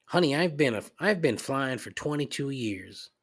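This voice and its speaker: A man's voice: mid-range voice, animated, moderate pace. A man voicing an older female flight attendant with a mocking southern drawl who calls passengers honey and sweetie. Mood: syrupy boastful. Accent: Southern US (mocked).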